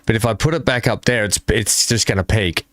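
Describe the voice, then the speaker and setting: A man hosting a live stream, talking casually and haltingly into his desk microphone while he fixes his audio. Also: lowish voice, a bit bright, no echo. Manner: halting, mumbling, fixing his mic. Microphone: desk microphone with filters.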